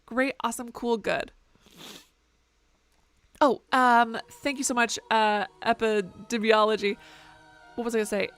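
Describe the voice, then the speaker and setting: A woman streaming a video game, giving casual commentary in an animated, sweary, self-mocking way. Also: fairly high pitch, unhurried, long pauses, smooth. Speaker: gaming streamer.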